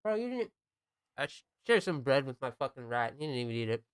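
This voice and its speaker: Young guy streaming games, chill, cusses a lot, smooth clear tone. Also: medium pitch, very animated, a little fast, no echo, studio quality. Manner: laid-back, swears often, jokes with chat. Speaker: game streamer. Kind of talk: casual chat while gaming.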